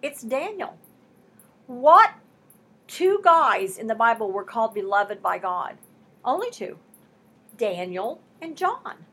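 Husky, high-voiced woman Bible teacher. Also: fairly bright tone. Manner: impassioned, emphatic, conversational teaching with rising bursts. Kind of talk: sermon.

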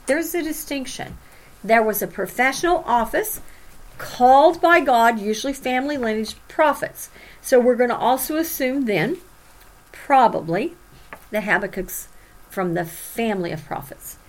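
Woman Bible teacher, lively and higher-pitched, dramatic scripture reading. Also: normal speed. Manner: animated, dramatic emphasis when reading prophets' cries.

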